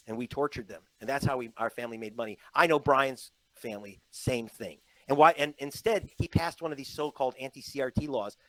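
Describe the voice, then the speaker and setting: A man appears as a journalist guest in an online interview, telling stories emphatically and slipping into mocking quoted voices during the animated talk. His voice is mid-range, with no echo, and the recording is rough.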